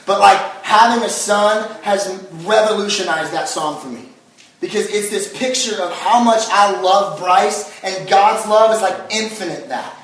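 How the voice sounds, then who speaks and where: High-voiced young preacher in echoey hall. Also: male voice, measured pace, a bit bright, far from the mic. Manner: casual, chatty preaching with many fillers. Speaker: pastor. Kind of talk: sermon.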